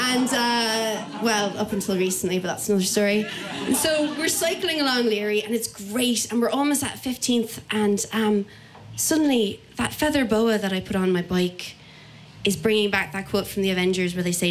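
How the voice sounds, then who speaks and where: Woman, Irish accent, personal storytelling, animated quoting, slight background ambience. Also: medium pitch, background noise. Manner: lively, acts out other voices in quotes. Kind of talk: personal story told to an audience.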